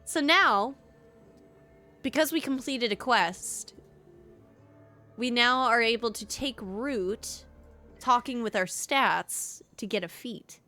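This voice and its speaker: A woman's voice: fairly high pitch, takes it slowly, long pauses, soft background music. A woman streaming a game playthrough, reading its dialogue and narration aloud in shifting voices. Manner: animated, reads game text in changing voices.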